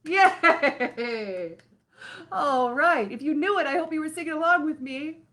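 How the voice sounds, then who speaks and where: A woman hosting a live children's lesson, talking straight to the kids in an expressive way full of sighs and exclamations. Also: sits high, a little slow. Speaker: children's show host.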